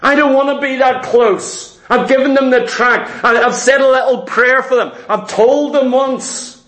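Man with a really high voice preaching hard, lots of questions at the crowd, echoey church. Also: unhurried, fairly bright tone. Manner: fervent, rhetorical questions to the congregation. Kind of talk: sermon.

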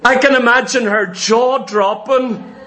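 A middle-aged man preaching a sermon, animated and acting out the voices of the people he quotes. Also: very high voice, measured pace.

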